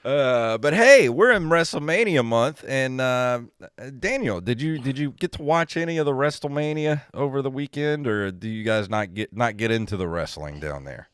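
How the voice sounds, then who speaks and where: A man's voice: medium pitch, moderate pace, clear, resonant tone, no echo, clean studio sound. A man hosting a retro gaming podcast, joking and laughing often in casual chat. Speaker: podcast host.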